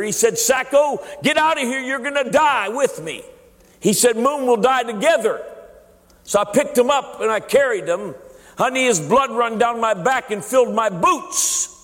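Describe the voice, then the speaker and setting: A man voicing his blunt, foul-mouthed old uncle, a war veteran, in a gruff storytelling manner. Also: very high voice, fairly bright tone, big-room sound, pitched above the performer's own voice. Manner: gruff storytelling, calls people honey.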